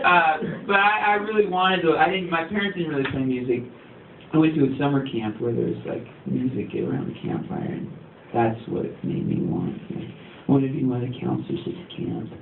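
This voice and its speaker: Gravelly, laid-back musician guy. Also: mid-range voice, sing-song, a little fast. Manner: rambling, laid-back, many fillers. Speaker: musician guest. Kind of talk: casual interview chat. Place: recording studio. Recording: tinny, echoey, distant, faint hiss.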